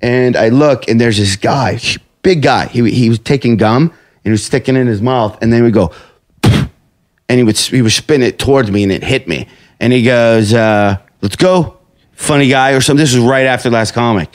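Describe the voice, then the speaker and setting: A man who is a comedian, chatting casually and telling stories with bursts of high-pitched mimicry. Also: fairly quick. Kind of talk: casual chat.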